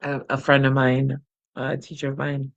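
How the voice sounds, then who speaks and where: A middle-aged woman hosting a guided breathing practice, speaking softly and laughing at herself now and then. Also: very deep voice, monotone, lo-fi sound. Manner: soft and unhurried, laughs at herself. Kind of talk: gentle guided meditation, chatty asides. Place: home, close to the camera. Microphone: camera mic, close.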